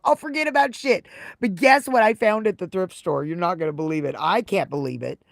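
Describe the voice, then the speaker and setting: A woman's voice: on the low side, fairly quick, gravelly, no echo, clean studio sound. A woman live streamer telling casual stories to her viewers, rambling and repeating her phrases. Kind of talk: casual livestream storytelling.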